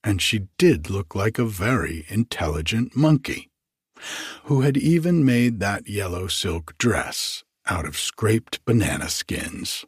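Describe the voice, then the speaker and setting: A man reads a literary story from a script in a measured, expressive storytelling style. His voice is lowish and slightly rough, recorded in clean studio sound with no room ambience.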